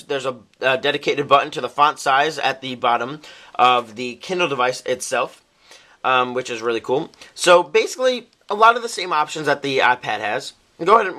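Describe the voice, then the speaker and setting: A man's voice: on the high side, bright, forceful tone. A young man casually demonstrating and reviewing a device, talking to viewers with frequent ums and uhs. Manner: chatty, many ums and uhs. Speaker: tech reviewer. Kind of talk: casual product demo.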